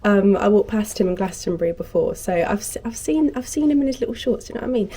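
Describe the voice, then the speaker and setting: A woman's voice: medium pitch, animated, fast, mellow, slightly rough. A young woman in her twenties chatting casually to camera as a vlogger, telling a story animatedly and acting out what each person said. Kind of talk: casual chat.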